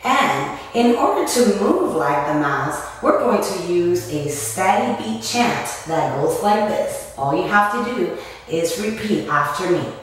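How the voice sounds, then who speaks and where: A woman teaching children a movement lesson, chanting in call-and-response with a slow, sing-song delivery and animal sounds. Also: lowish voice, very animated. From Miami area. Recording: echoey room, distant mic, faint noise.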